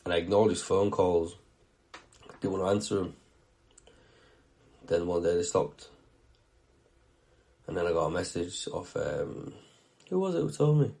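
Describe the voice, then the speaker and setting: A man's voice: low-pitched, expressive, measured pace, vocal fry, pauses often, darkish tone. A young man hosting his own show, telling a story in a blunt, casual way, swearing freely and often checking that the listener follows. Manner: blunt, swears a lot, keeps asking "do you know what I mean". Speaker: video show host.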